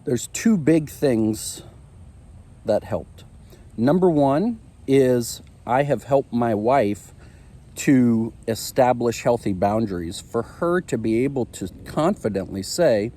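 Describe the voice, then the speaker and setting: A man's voice: medium pitch, animated, takes it slowly, dark tone. A man in his thirties hosting a marriage show, telling a personal story in a candid, confessional way with frequent ums and uhs. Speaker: marriage podcast host.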